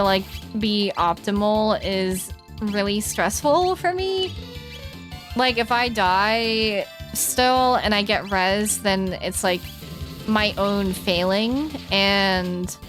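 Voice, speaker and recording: Game music plays behind a young woman of medium pitch and a slightly bright voice. She's doing casual let's-play chat while streaming, giggling and singing along.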